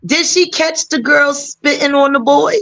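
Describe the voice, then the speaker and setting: A woman's voice: high voice, measured pace, gravelly, fairly bright tone. A woman hosting a reaction show, making wry, incredulous remarks in casual commentary.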